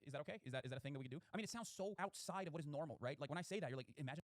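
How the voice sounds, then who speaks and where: A man streaming live and ranting at a rapid clip, swearing freely and leaping up into loud disbelief. His voice sits a bit high for a man. The sound is dry and close, with no room around it. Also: no echo. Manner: fast, profane, rising to incredulous outbursts. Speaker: streamer host. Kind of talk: livestream commentary.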